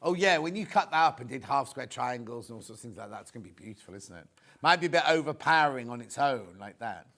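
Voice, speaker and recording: A man's voice: medium pitch, expressive, quick pace, sharp tone. A middle-aged man hosting a live shopping show, chatting and joking as he rambles into anecdotes between prices. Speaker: shopping channel presenter.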